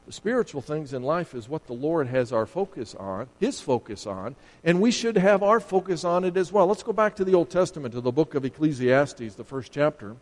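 Man, preacher, sermon, emphatic, slightly high-pitched, long hall reverb. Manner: emphatic, rising sharply to make a point.

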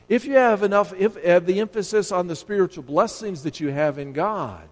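Man, preacher, sermon, emphatic, slightly high-pitched, long hall reverb. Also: darkish tone. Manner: emphatic, rising sharply to make a point.

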